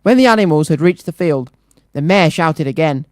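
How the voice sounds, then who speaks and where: A children's radio presenter reading a storybook aloud with a lively, rhythmic swing. The voice sits in a middle pitch. The sound is close and dry, with no room echo. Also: moderate pace. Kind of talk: reading a picture book aloud.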